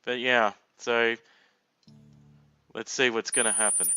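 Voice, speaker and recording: A man's voice: mid-range voice, steady tone, slow, sharp tone, clean tone, no room sound, faint music behind. A man giving casual blind reaction commentary, chatting and laughing aloud as he watches. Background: cartoon audio playing faintly.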